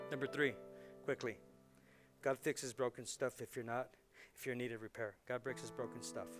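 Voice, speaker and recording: A man in his forties, a pastor preaching a lively sermon, laughing often and repeating words as he gets worked up. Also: medium pitch. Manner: animated, laughing, repeats words when excited.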